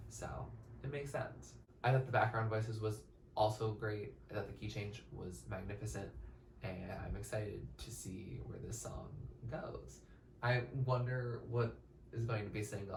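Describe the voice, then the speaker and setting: A young man giving casual, excitable reaction commentary as a music reaction host, now and then singing snippets along. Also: lowish voice, vocal fry, slight background noise. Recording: roomy, a bit distant from the mic, faint music.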